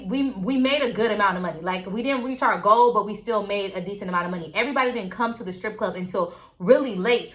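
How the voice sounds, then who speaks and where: A woman's voice: mid-range voice, fairly bright tone. A woman vlogger casually telling a story to her viewers, candid and chatty.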